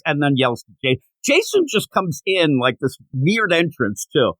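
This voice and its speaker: A man on a podcast talking in a lively, swinging voice that climbs fairly high. He rants casually and drops into quick mocking impressions of characters. The sound is close and dry. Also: no room sound, low-quality recording. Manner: animated, mocks characters with quick put-on quotes. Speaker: podcast co-host. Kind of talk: casual comic book discussion.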